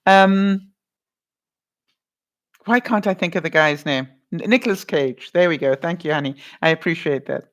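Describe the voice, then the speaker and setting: A woman's voice: on the low side, moderate pace, long pauses. Chatty woman hosting a live stream. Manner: chatty, laughing, hosting movie-quote trivia. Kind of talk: casual live-stream chat, reading viewer comments.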